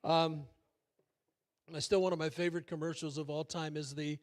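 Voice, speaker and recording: An older man preaches as a church pastor, with a voice that sits a little higher than most men's. He talks in a folksy, conversational way, full of fillers and joking asides at his own expense. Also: flat delivery, moderate pace. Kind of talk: sermon. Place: church sanctuary.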